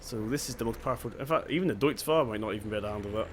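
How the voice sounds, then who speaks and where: A young man from Devon, England, runs a gaming channel and rattles off casual commentary at rapid-fire speed while playing a farming game. He thinks aloud in a lowish voice with a Devon accent, and there's slight background noise.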